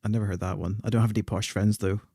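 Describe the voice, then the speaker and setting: A man's voice: fairly low pitch, flat delivery, rapid-fire, dark tone, husky, no echo, clean studio sound. A young man chatting casually while he plays a game, stumbling over and repeating his words. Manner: chatty, stammers and repeats words, laughs often. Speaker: gaming streamer. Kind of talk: casual chat while playing.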